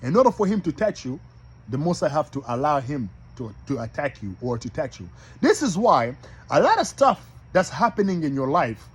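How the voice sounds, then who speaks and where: A man preaches in an emphatic, repetitive way and speaks straight to his listeners. His voice is high for a man and swoops up and down. The tone is husky. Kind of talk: informal sermon with scripture reading.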